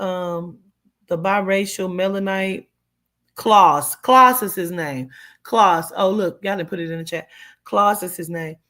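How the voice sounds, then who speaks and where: Chatty woman livestreaming, loose and rambling. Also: fairly low pitch. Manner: chatty and rambling, with frequent swearing and "child" asides; reads and answers viewer comments. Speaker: livestream host. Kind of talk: casual chat with live viewers.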